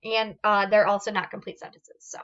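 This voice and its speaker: A woman's voice: mid-range voice, flat delivery, a little fast, a bit bright, highs cut off. A woman teacher explaining poetry forms step by step in a recorded lesson, reading examples aloud with fillers and restarts.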